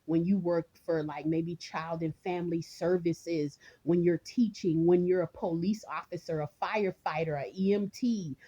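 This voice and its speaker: A woman's voice: lowish voice, fairly even intonation, normal speed, few pauses, mellow, breathy edge, dull audio. A woman vlogger in a casual rant, rambling and chatty, talking straight to her viewers and laughing often.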